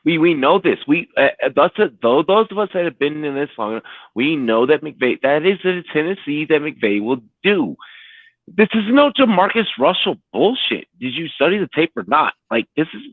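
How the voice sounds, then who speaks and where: A man from D.C. co-hosting a live football watch-along, excitable and swearing. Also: normal speed, dry recording. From Washington, D.C. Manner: excitable, swearing, bursts into high yelps. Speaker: podcast co-host. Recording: dry, phone-like line.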